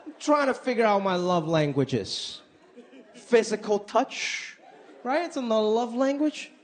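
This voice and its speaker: A man performing an animated stand-up set, switching in and out of impressions of the people in his stories. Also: high-pitched, measured pace. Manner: animated, shifts between impressions. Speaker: stand-up comedian. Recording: live club set with crowd laughter and noise.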